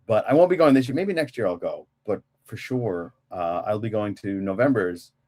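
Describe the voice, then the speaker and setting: A man's voice: on the low side, lively intonation, normal speed, darkish tone. A man from Germany co-hosting a podcast, chatting enthusiastically and repeating catchphrases. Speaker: podcast co-host. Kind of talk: casual chat.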